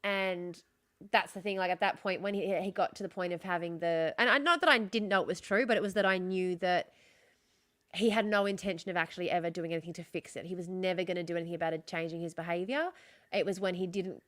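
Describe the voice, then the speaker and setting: A woman's voice: fairly low pitch, brisk, fairly bright tone. An Australian woman hosting a livestream, frankly retelling a personal story in long run-on sentences and repeating herself for emphasis. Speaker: streamer host.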